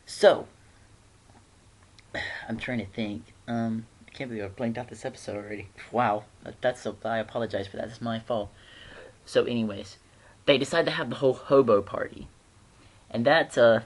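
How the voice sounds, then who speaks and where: A man's voice: mid-range voice, moderate pace, pauses often. A man giving a casual, rambling episode recap, chatty and laughing often. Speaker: TV episode reviewer.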